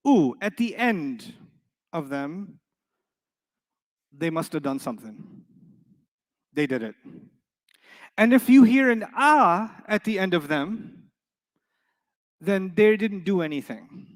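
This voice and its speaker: This is a classroom lecture on Arabic grammar given by a man whose voice sits high. He's lively and playful, quizzing the students with rapid questions.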